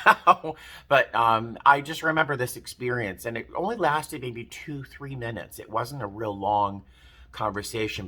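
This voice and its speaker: A man's voice: mid-range voice, pushed and bright. A man, telling a personal story in a casual, rambling vlog, often breaking off and restarting his sentences. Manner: chatty, rambling, self-interrupting. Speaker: vlogger.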